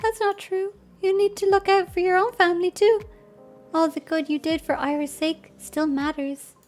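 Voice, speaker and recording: A gentle, earnest young girl from a visual novel, voiced by a woman. She speaks softly and sincerely, in a very high voice. Faint game music runs behind her. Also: fairly even intonation, normal speed. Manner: soft, pleading, sincere. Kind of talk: reading visual novel dialogue aloud.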